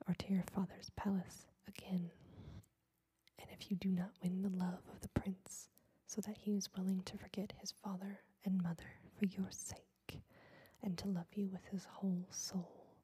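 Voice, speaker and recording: A woman's voice: mid-range voice, level tone, a little slow, dark tone, slightly rough. A woman voicing a cruel, scheming sea witch in a whispered role-play, cold and mocking. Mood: mocking menace.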